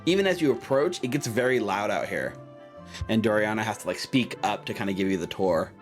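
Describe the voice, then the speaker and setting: A man's voice: fairly low pitch, expressive, brisk, faint music behind. A young man narrating as game master, rambling with many fillers.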